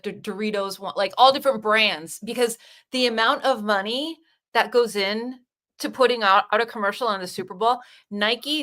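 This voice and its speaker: A woman's voice: mid-range voice, a bit bright. An American woman in a casual, playful chat, asking lots of curious questions over a video call. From United States.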